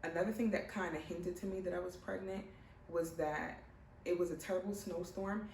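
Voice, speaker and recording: A young pregnant woman telling her own story in a casual, animated way, putting on other people's voices as she goes. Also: lowish voice, moderate pace, gravelly, a little hiss or hum. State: heavily pregnant. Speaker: vlogger. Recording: roomy, mic at a distance, faint ambience.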